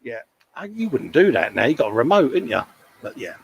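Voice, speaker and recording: A man's voice: mid-range voice, very animated, a little fast, vocal fry, dull audio, slight background noise. A British man co-hosting a casual live stream from his hobby workshop bench, bantering and reading out viewer comments. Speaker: co-host of a live modelling stream.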